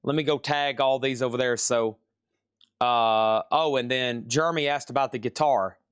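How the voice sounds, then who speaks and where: Southern guy selling records on a live stream, smooth clear voice, dry close sound. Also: medium pitch, normal speed, no room sound. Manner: chatty, repeats prices and buyer names.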